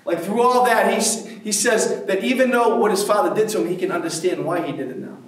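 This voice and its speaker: A man's voice: high voice, fairly quick. A man who works in prison ministry tells stories to a church men's group in a casual, rambling way full of fillers. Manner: casual, filler-heavy, with many "like"s. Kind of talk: storytelling talk to a church group. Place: church hall. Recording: very echoey hall, mic far off.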